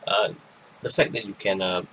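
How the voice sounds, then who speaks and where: A man giving a rambling, casual card game review, tired and yawning, with many pauses and restarts. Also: low-pitched, a bit bright, a little hiss or hum, poor audio. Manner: rambling, lots of ums and restarts. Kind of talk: casual commentary.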